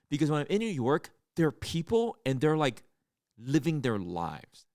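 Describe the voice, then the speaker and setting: A young man co-hosting a comedy podcast, telling stories in a casual chat and acting out loud outbursts. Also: fairly high pitch, normal speed, no echo, studio quality. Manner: animated storyteller, acts out loud outbursts. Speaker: podcast co-host.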